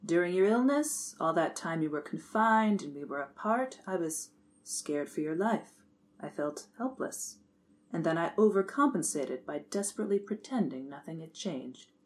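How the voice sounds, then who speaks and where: A woman reading a story aloud, voicing a stiff, formal man who speaks in an earnest, deadpan way. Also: fairly low pitch, brisk, hardly any pauses, close to an everyday voice. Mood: remorseful.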